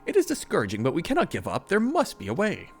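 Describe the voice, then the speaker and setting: A man's voice: a little high, huge pitch swings, fast talker, soft background music, voice pushed up. A man reading aloud as a formal, worried older male scholar, with archaic phrasing and occasional stumbles. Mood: earnest.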